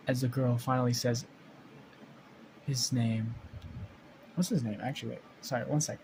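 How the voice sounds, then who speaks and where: A man telling an improvised fan story in a mid-pitched voice. He rambles, restarts sentences and swears casually. A faint hiss of ambient noise sits under the recording. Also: little pitch movement, a little slow, pauses often, poor audio.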